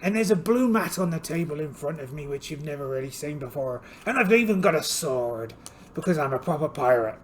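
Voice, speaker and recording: A man of middle age runs a solo tabletop game in cheerful pirate-speak, slipping between as he goes. His voice sits a little high and swings widely in pitch. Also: lively intonation, fairly quick, a little hiss or hum. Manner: playful pirate-speak, drifting between accents. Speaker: host and solo game player. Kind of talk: solo tabletop role-playing actual play.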